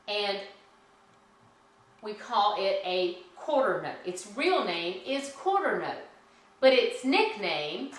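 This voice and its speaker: A woman's voice: mid-range voice, fairly bright tone. A woman teaching a children's music lesson, cheerful and patient, chanting rhythm syllables. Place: indoor room at home. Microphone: camera some distance away. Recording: very echoey room, mic far off, noisy.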